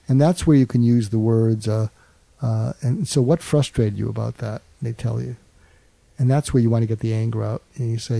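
An older man speaks as an interview guest, earnest and patient, circling back over his words with frequent "uh"s. His voice is dark and mellow with a gravelly edge. The sound is dry and close, with no room around it. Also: mid-range voice, fairly even intonation, no room sound. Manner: earnest, fills pauses with "uh", restarts and repeats words. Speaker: guest psychiatrist and author. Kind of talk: interview, explaining advice.

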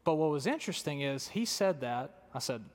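A man's voice: on the high side, expressive, normal speed. A man, a pastor, telling a story in a sermon, conversational and self-deprecating, earnest in tone. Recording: long reverb of a large hall.

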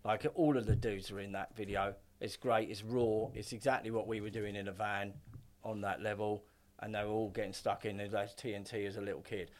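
A man's voice: fairly low pitch, flat delivery, a little fast. A middle-aged man telling stories as a podcast guest, rambling with lots of filler words and casual swearing. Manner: rambling, heavy filler use, swears freely. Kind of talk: casual storytelling chat.

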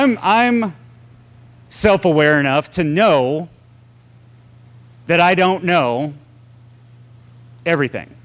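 A man preaching a sermon to a congregation, animated and sarcastic, with big swings in pitch. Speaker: pastor.

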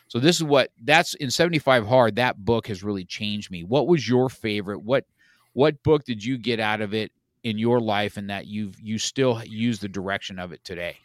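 A man's voice: fairly low pitch, normal speed, no room sound, studio quality. An older man, a martial arts instructor hosting a casual podcast chat, talking in a blunt, reflective way with stammered restarts.

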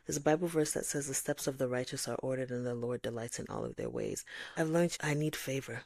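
A woman from Nigeria, hosting a podcast about faith, speaks reflectively in a rumbling low, creaky voice at a brisk pace. She animatedly performs the voices of God and others. The recording is dry.

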